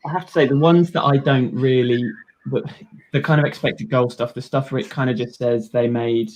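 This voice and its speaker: A man's voice: medium pitch, fairly even intonation, moderate pace, a little mellow, rough recording. A young man in casual chat about football stats, rambling a little and laughing at himself. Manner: rambling, self-deprecating, frequent restarts. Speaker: guest, runs a football stats account.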